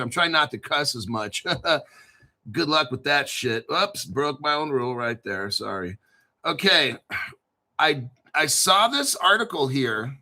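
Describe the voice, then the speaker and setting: A middle-aged man with a New Jersey accent, hosting a casual crypto talk show in an excitable, profane, rambling way. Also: fairly high pitch. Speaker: crypto channel host. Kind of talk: casual livestream chat.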